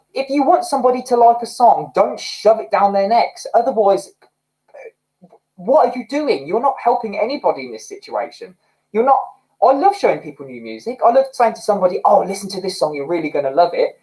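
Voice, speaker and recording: A man's voice: sits high, darkish tone, poor audio. A young man hosting a livestream, chatting casually and rambling expressively while reading out comments. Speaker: livestream host.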